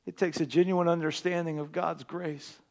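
A man preaching a sermon as pastor, swinging between hushed, intimate passages and loud, emphatic repeated declarations. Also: a little high, flat delivery, normal speed, gravelly.

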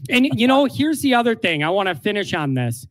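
A man with a high-pitched voice holding forth on sports in casual chat. He talks in an emphatic, opinionated way, pressing his points home. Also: big pitch swings, brisk, a bit bright. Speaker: sports podcast co-host.

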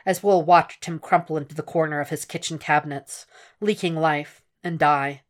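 A woman narrating a fan fiction audiobook in a steady, hushed, intense reading voice. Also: low voice, moderate pace. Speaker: podfic reader.

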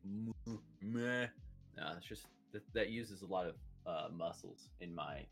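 A man's voice: sits low, measured pace, creaky, a bit bright, faint music behind. A man in casual podcast chat with a friend, rambling and profane, laughing often. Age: adult, a parent.

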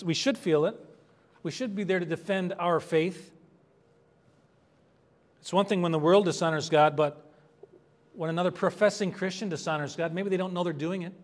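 A man's voice: on the high side, darkish tone. A man preaching an expository sermon as pastor, earnest and conversational, rising in emphasis on key points. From United States.

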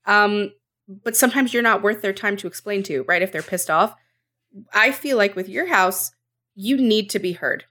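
A woman's voice: medium pitch, normal speed, bright, forceful tone. A woman co-hosting a casual podcast chat, opinionated and laughing as she argues her point. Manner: opinionated, laughing, acts out quotes. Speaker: podcast co-host.

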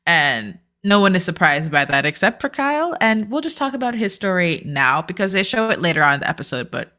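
Sarcastic woman with a lively, bright voice. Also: lowish voice, brisk. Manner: blunt, sarcastic, swears freely. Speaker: podcast co-host. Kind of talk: casual reality-TV recap chat.

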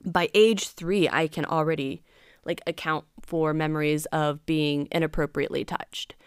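A woman's voice: low-pitched, fairly even intonation, normal speed, clear, resonant tone, no echo, clean studio sound. A young adult woman hosting a podcast, telling a personal story in a candid, rambling way full of fillers and acted-out dialogue. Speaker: podcast host.

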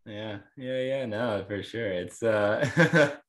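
A man from New Jersey hosting a podcast, chatting casually in a monotone surfer voice with a laid-back manner, plenty of fillers and agreement. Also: lowish voice, slow pace. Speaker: podcast host. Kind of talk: casual conversation.

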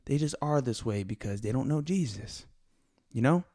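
Excitable man on a solo podcast. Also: mid-range voice. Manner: fast, excitable, animated storytelling. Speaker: podcast host. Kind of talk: casual solo podcast talk.

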